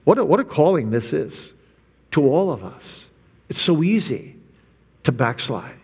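A man preaching a sermon, emphatic, with rhetorical questions and stressed, drawn-out words. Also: fairly high pitch, a little mellow. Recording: long hall reverb.

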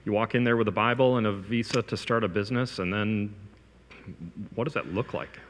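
A man's voice: fairly low pitch, steady tone, a little fast, a little hiss or hum. A man in the audience asking a question, hesitant and thinking aloud. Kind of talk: question from the floor. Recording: distant in a reverberant hall.

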